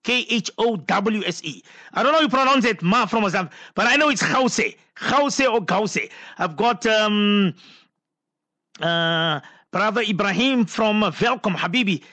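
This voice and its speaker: Bright-voiced radio host. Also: male voice, sits high, animated, normal speed, no echo. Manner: chatty, muses aloud and stumbles over pronunciations. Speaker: radio presenter. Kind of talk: casual on-air chat reading listener messages.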